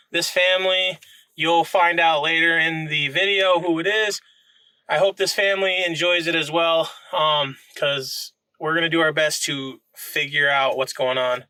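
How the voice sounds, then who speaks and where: Bright-voiced laid-back male vlog host. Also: a little high, smooth, no room sound, low-quality recording. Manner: laid-back, enthusiastic, filler-heavy. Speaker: paranormal investigation host. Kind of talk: casual vlog intro and interview.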